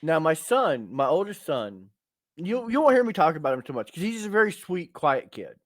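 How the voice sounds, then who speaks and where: A man's voice: on the high side, big pitch swings, normal speed, dry recording, clean studio sound. A man in his thirties hosting a podcast, telling crude, punchy stories in casual chat. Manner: crude, storytelling with punchy asides. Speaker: podcast host.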